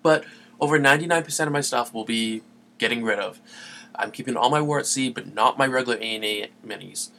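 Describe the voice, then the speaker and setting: A man's voice: mid-range voice, brisk, pushed and bright. A man hosting a gaming podcast, talking in a loose, chatty way with lots of fillers. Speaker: podcast host. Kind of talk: casual solo podcast talk.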